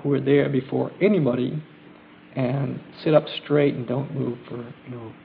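Man, mid-pitched and gravelly, casual testimony to a gathering, halting with fillers, muffled lo-fi tape with faint hiss. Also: steady tone. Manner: halting, many fillers and restarts, gentle and reflective. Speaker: group member sharing trip experiences.

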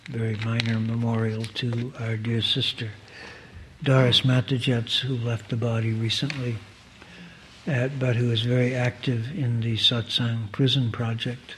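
A man giving a devotional reading and reflection at a spiritual gathering, in a measured, earnest, formal manner. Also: medium pitch, little pitch movement, breathy edge.

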